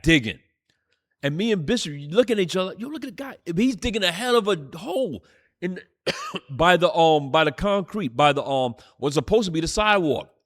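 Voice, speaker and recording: A man preaches to a classroom of listeners in a fiery, rambling style, swearing as he goes. His voice sits a little high and swings widely up and down as he builds and drops. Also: a bit bright. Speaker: teacher in a church classroom.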